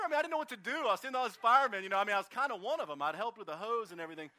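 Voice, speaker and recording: Bright-voiced pastor telling a story outdoors. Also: male voice, very high-pitched, very fast, hardly any pauses. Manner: animated, acts out voices in anecdotes. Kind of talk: storytelling sermon. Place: outdoor service in a park.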